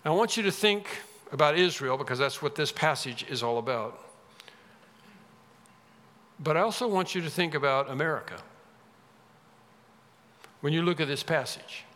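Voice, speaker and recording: A man's voice: a little high, animated, moderate pace, pauses often, a bit bright. A man preaching a sermon, emphatic, often repeating phrases with rising force. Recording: reverberant hall.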